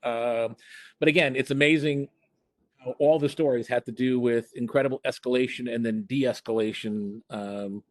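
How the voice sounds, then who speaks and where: A man's voice: mid-range voice, fairly even intonation, normal speed, no room sound. An older man, a former emergency department chair, telling chatty hospital anecdotes with laughs and restarts over a video call. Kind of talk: casual storytelling on a video call.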